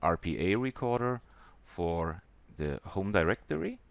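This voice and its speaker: A man with a German accent walking through a software tutorial in a halting way, with many pauses and fillers. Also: sits low, big pitch swings, gravelly, dry recording. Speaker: software demonstrator.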